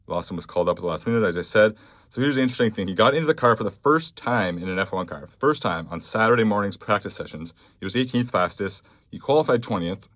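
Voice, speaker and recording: Male podcast host, lowish voice, casual and blunt. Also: no room sound. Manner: blunt, offhand, reads news aloud with fillers. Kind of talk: casual solo podcast commentary.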